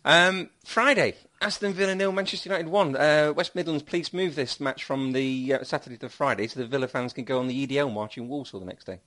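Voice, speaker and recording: A man's voice: mid-range voice, brisk, few pauses, fairly bright tone. Chatty man hosting. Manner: chatty, wry, jokey asides. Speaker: podcast host. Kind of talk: casual football podcast chat.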